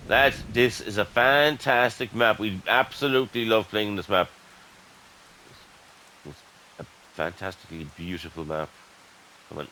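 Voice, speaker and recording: An Irish man commentates on his game in a loose, chatty way, often breaking into excited bursts. His voice is bright and forceful but pitched on the low side. A faint hiss sits under the recording. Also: measured pace, long pauses, poor audio. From Ireland. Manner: excitable, chatty, addresses viewers as lads. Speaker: gaming YouTuber. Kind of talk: casual gameplay commentary.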